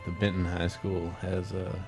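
A man co-hosting a casual gaming podcast, chiming in with jokes and quick asides. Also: deep voice, completely flat delivery, a little mellow, faint music behind. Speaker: podcast co-host.

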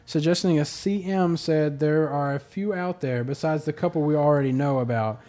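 A man's voice: a little high, normal speed. Laid-back man reading listener mail. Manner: relaxed, reads letters aloud with fillers. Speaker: podcast host reading listener emails. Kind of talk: casual podcast chat.

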